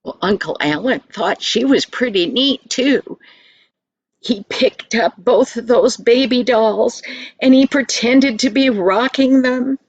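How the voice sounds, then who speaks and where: An older woman telling a children's story in a gentle, sing-song manner, speaking to the listener directly. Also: fairly high pitch, takes it slowly, no echo, muffled recording.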